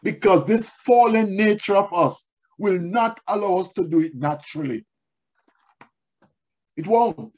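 A man's voice: high-pitched, animated, a little slow, darkish tone, highs cut off. A male pastor delivering a sermon, moving from storytelling to emphatic preaching.

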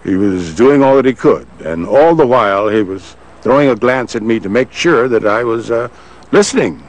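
A man recounting past events in an interview, slowly, acting out the voices he quotes. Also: mid-range voice. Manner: slow, animated, acts out quoted voices. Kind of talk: archival interview storytelling.

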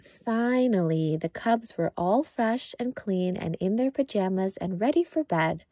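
A woman's voice: medium pitch, no echo, clean studio sound. A woman reading a children's picture book aloud as narrator. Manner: slow, lively storytelling. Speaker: storytime reader.

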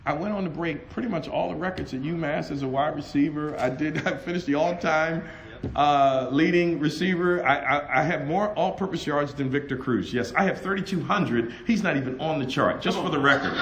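A middle-aged man preaching a sermon at a conference, telling personal stories with animated, laughing delivery and acted-out dialogue. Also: high voice, fairly quick, creaky, noisy background. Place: conference hall.

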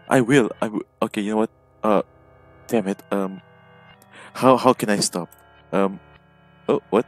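Soft music plays behind a man with a lowish, fairly even voice who talks at a moderate pace with long pauses. He's playing a game solo at home and commenting casually through a headset microphone, jumpy, nervous, and frequently startled.

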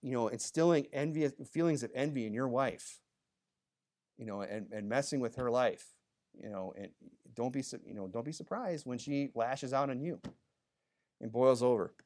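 A pastor preaching a sermon in a church, talking conversationally with many asides, moving between emphatic bursts and low, quiet remarks. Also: male voice, moderate pace. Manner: conversational, full of "you know" asides.

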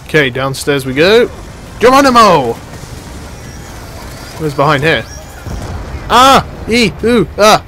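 A young man giving live commentary while playing a shooter, excitable and jokey, swearing and yelping when he gets hit. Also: fairly high pitch, unhurried, slight background noise. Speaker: gaming channel host.

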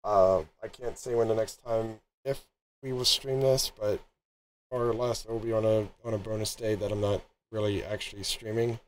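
A man's voice: fairly low pitch, steady tone, moderate pace, slight background noise. A man streaming a game, chatting casually to his viewers in a rambling way full of ums and restarts.

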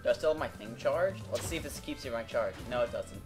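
A man's voice: medium pitch, animated, fast talker. A young man co-hosting a let's play, making dry, wry remarks while he plays. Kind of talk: casual gameplay commentary. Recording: game music underneath.

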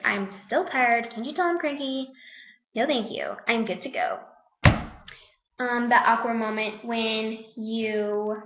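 A woman's voice: a little high, a bit bright, echoey room, poor audio. A teenage girl vlogging to her camera at home in a chatty, sassy way, scolding her viewers now and then. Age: teens. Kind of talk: casual vlog talk to camera.

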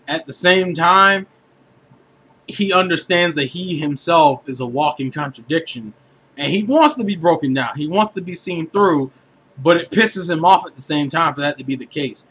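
A man giving a casual, animated anime review, full of swearing and filler words. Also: on the high side, a little hiss or hum. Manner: animated, profane, filler-heavy.

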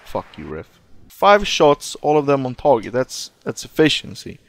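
A man's voice: medium pitch, wildly swooping pitch, measured pace, vocal fry. A man casually commenting on his own football video game match, rambling, joking and swearing at the players. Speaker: gaming YouTuber.

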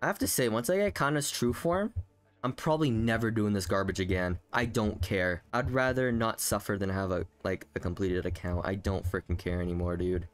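A young man streaming a video game, ranting angrily about a stage and swinging from low muttering to loud outbursts. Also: fairly quick, soft background music. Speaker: gaming streamer. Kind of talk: frustrated live gameplay commentary.

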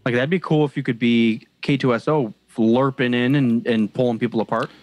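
A man's voice: mid-range voice, steady tone, brisk, no room sound. A young man co-hosting a casual podcast, rambling and self-deprecating with many hesitations. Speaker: podcast co-host.

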